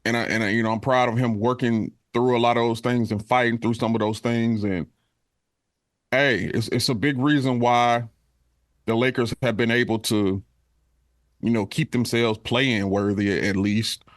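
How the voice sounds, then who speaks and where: A man co-hosting a casual sports podcast, who speaks haltingly and repeats words as he works out his thoughts. His voice is mid-pitched and sits close and dry on the mic. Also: fairly even intonation, dry recording. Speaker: podcast co-host.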